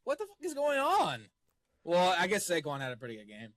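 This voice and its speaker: Man, sports podcast co-host, higher pitch, animated delivery, profane joking banter. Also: fairly quick, no room sound. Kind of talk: casual sports chat.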